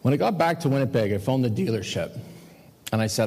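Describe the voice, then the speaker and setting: A pastor telling a personal story in a sermon, animated and self-mocking as he confesses his own failings. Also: mid-range voice, fast. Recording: long hall reverb.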